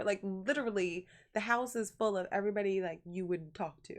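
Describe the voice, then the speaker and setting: A young adult woman chatting casually on a live stream, telling a family story in an animated way and thanking viewers by name. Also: medium pitch, fairly quick, hardly any pauses. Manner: chatty, animated storyteller who reads viewer messages aloud.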